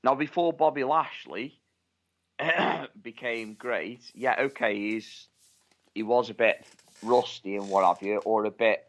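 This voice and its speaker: A man's voice: medium pitch, takes it slowly. A man co-hosting a podcast, chatting casually with blunt, sweary opinions. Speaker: podcast co-host. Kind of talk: casual wrestling chat.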